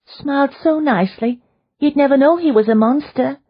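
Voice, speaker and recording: A woman's voice: sits high, moderate pace, muffled recording, pitched above the performer's own voice, natural voice. A woman reading an audiobook voices a terrified, half-mad young woman prisoner who wails and clings to her fixed idea. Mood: despairing. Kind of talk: audiobook character voice.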